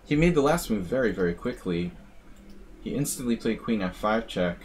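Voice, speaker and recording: A man streaming live, casually commentating chess games and chatting with viewers in a relaxed, musing way. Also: fairly low pitch, moderate pace, a little hiss or hum. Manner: relaxed, musing, talks to chat.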